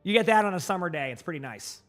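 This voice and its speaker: A man from Massachusetts without a regional accent, rambling casually to his live-stream chat with lots of filler words and quick answers to viewers. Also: sits high, lively intonation, a bit bright, faint music behind.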